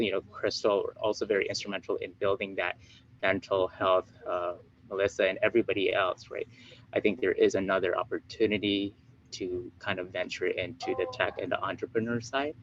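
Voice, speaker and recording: A man speaking earnestly as a candidate in an online meeting, thankful and quick to laugh. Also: fairly low pitch, a bit bright, muffled recording. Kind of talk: virtual meeting speech.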